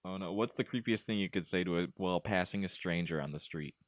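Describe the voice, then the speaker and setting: A young man co-hosting a podcast, asking quick questions in casual chat, laughing often and filling with "like" and "um". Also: deep voice, dry recording, studio quality. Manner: chatty, laughs often, hedges with "like" and "um".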